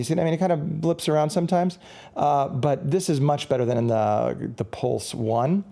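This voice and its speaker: A man with a gravelly, fry-edged voice talks through a casual gear review. His tone is mellow and relaxed, and he rambles along, correcting himself as he goes. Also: a little high, normal speed. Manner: rambling, chatty, self-correcting.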